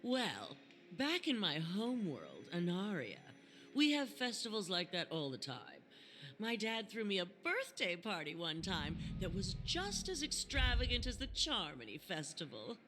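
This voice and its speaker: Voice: mid-range voice, sing-song, measured pace, sharp tone, soft background music. A performer voicing a boastful, well-off young tourist in a game dub.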